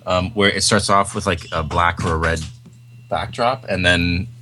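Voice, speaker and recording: Deep-voiced man rambling about movies. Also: steady tone, moderate pace, over music. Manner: rambling, enthusiastic, many fillers. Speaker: podcast co-host. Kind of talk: casual film chat.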